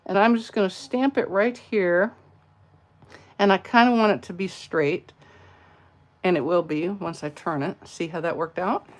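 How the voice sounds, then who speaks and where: A woman's voice: lowish voice, moderate pace, pauses often. A middle-aged woman from California with a Southern accent, demonstrating card crafts in a playful, chatty, self-deprecating way at her crafting table. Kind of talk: live craft tutorial.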